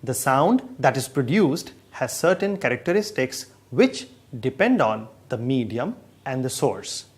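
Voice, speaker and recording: A man's voice: medium pitch, sing-song, a little slow, few pauses, breathy edge. A man patiently explaining sound waves in a scripted educational dialogue. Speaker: science explainer.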